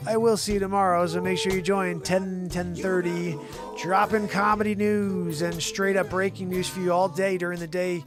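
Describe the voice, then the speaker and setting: A man hosting a casual comedy news livestream, calling out names of viewers in lively shout-outs. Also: high-pitched, moderate pace, over music. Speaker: host. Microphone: desk mic.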